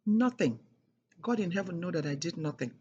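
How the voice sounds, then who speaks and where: A woman's voice: fairly low pitch, lively intonation, a little fast, dark tone, muffled recording, a little hiss or hum. A middle-aged woman telling a personal story in an emphatic, repetitive way, leaning hard on key words. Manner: emphatic and repetitive, with heavy stresses. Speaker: speaker sharing a personal testimony.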